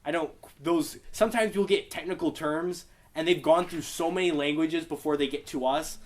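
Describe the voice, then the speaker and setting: A young man leads a relaxed beginner class, talking things through in an easy explanatory way. His voice sits slightly high for a man. He often stops to ask his students whether they have any questions. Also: moderate pace. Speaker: Bible study Greek teacher. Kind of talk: casual classroom teaching.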